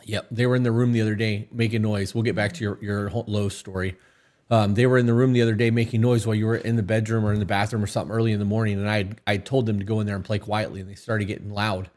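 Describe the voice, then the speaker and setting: A man's voice: fairly low pitch, little pitch movement, rapid-fire, a little mellow. A man co-hosting a podcast, giving blunt advice in casual chat and swearing freely. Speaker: podcast co-host.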